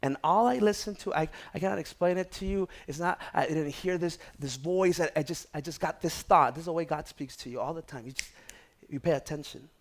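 A man preaching a sermon, moving from hushed prayerful tones to loud exhortation and calling out to his congregation. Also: fairly high pitch, a little fast. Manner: calls out to the congregation for response. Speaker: pastor.

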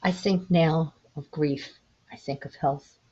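A woman in her sixties hosting her own podcast, gently telling a parable in an unhurried, reflective way. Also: low-pitched, steady tone, a little hiss or hum. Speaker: podcast host. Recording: dull lo-fi home recording.

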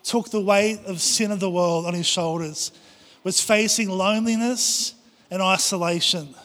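High-voiced preacher in a reverberant hall. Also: male voice, fairly even intonation, a little slow, a bit bright. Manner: impassioned, acts out prayers and quotes. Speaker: pastor. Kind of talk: sermon.

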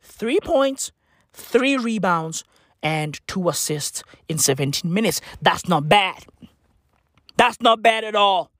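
A woman's voice: medium pitch, lively intonation, takes it slowly, fairly bright tone, no echo, clean studio sound. A woman giving a mocking, profane sports rant, laughing often and repeating herself in exasperation. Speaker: sports commentator.

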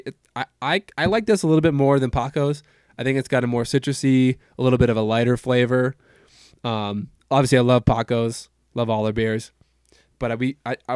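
A man's voice: mid-range voice, clean tone, no room sound, clean studio sound. A young man hosting a podcast, easygoing and leading the casual chat, often laughing along. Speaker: podcast host.

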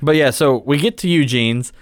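A man co-hosting a casual movie-discussion podcast, retelling scenes with animated flair and acting out the characters. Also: medium pitch, normal speed, smooth.

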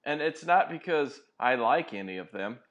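A man's voice: medium pitch, expressive, moderate pace, a bit bright. A man chatting casually, laid-back and agreeable, telling a story. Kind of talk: casual chat.

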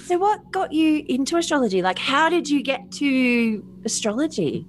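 A woman's voice: sits high, sing-song, moderate pace. A woman co-hosting a podcast, laughing often and chiming in with enthusiastic short reactions. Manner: giggly, enthusiastic interjections. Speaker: podcast co-host. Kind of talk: casual podcast chat.

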